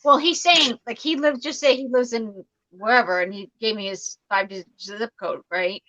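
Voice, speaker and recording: A woman's voice: on the high side, normal speed, bright, forceful tone, no room sound. A woman chatting on a video call, explaining a problem step by step with mild exasperation. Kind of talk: casual chat. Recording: dull lo-fi dry sound.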